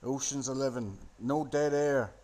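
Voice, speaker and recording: A man's voice: medium pitch, measured pace, darkish tone. A man rambling into a phone, giving a sardonic, profane running commentary on a film. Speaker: solo commentator.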